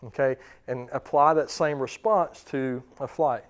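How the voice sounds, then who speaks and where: A man's voice: mid-range voice, measured pace. A man in his thirties, a dog trainer giving a seminar to clients, talking casually with lots of fillers and questions to the audience. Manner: casual, quizzes the audience, many fillers and restarts.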